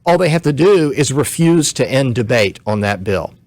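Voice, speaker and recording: A man's voice: medium pitch, lively intonation, darkish tone, no room sound. A man who is a guest commentator, explaining law step by step on a talk radio show, short on sleep. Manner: measured, explains step by step, some restarts.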